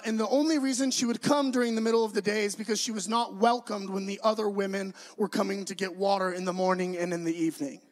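A young adult man preaching a sermon, telling the story with animated, acted-out voices. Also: high voice, rough recording.

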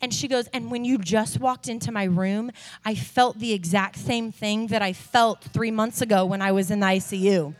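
A young woman, a nurse, tells a faith story to a congregation. She talks in a chatty, animated way, with many "like"s, and her voice rises as she grows passionate. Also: medium pitch, normal speed. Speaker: nurse giving a testimony. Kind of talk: testimony sermon to a church audience.

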